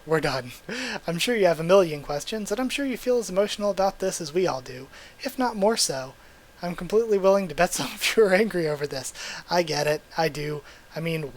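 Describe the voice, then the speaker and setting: Young male reaction host, slightly high voice, reads aloud with eager outbursts. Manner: reads aloud, breaks in with excited exclamations. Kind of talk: live reading and reaction.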